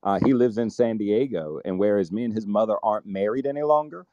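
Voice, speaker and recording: A father talking on a podcast, earnest and a little halting, restarting his sentences as he explains his view. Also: on the low side, mellow, no echo, dull audio. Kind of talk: opinionated discussion.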